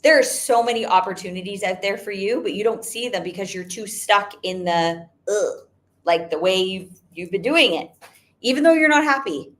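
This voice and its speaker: In an animated, medium-pitched voice at a moderate pace, a young adult woman running a network marketing business gives a motivational talk. She is emphatic and repetitive, using "like" frequently.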